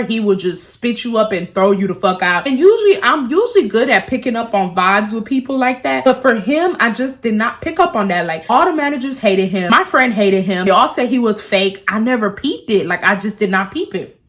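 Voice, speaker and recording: A woman in her twenties telling a storytime vlog, animated and full of profanity as she gossips. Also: a little high, a little fast. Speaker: beauty vlogger.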